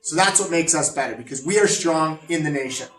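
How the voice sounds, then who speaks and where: A man's voice: a little high, a little fast, fairly bright tone, far from the mic, close to an everyday voice. A man playing a pompous, boastful fascist in a comedic lesson skit, lecturing with smug self-importance. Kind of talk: comedic educational role-play. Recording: roomy echo, off-mic, faint music.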